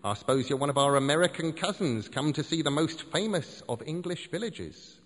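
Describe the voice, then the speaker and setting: Man reading as a tall gloomy prim gent, lively pitch, echoey, faint hiss. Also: fairly quick. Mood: polite. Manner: courteous, prim. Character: tall gloomy man, politely formal pub regular.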